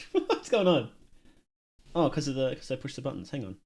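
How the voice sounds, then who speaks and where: A man streaming a casual reaction who gets excitable, laughs often and thinks out loud. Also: mid-range voice, normal speed.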